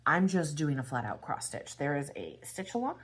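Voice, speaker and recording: A young adult woman chatting casually while she crafts, tired and rambling, with yawns and soft asides. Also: low-pitched, big pitch swings, moderate pace, slight background noise. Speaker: crafting vlogger.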